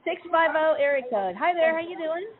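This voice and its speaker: A woman's voice: very high-pitched, expressive, fairly quick. An older woman hosting a radio call-in show, chatting casually and upbeat with callers. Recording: tinny phone-line audio.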